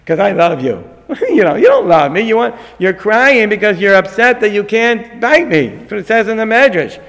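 A man teaching a lecture on a Torah text, animated and acting out the figures in the story. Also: high-pitched, normal speed. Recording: long hall reverb.

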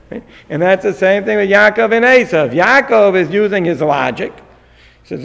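A man teaching a lecture on a Torah text, animated and acting out the figures in the story. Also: high voice, normal speed, creaky. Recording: long hall reverb.

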